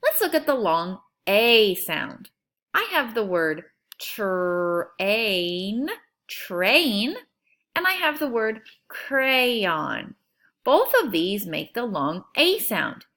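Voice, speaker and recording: A woman teacher leading a phonics lesson for young children, sounding out words slowly in an encouraging, sing-song way. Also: medium pitch, big pitch swings, a bit bright. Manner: slow, stretched-out sounding of words.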